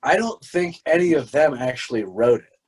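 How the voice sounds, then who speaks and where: A man's voice: on the high side, animated, normal speed, husky, poor audio. Rambling, foul-mouthed young man. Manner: rambling, profane, restarts often. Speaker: podcast co-host. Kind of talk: casual chat.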